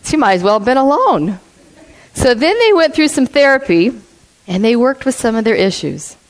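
A woman's voice: fairly high pitch, sing-song, moderate pace, poor audio. A woman preaching a sermon to a congregation. She asks the listeners questions, laughs often and acts out the voices in her stories. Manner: acts out quoted voices in a storytelling way.

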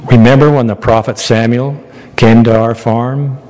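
A preacher voicing a young shepherd, bold and faithful, in an earnest plain voice. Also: male voice, medium pitch, steady tone, normal speed, darkish tone, long reverb tail, close to an everyday voice, low-quality recording.

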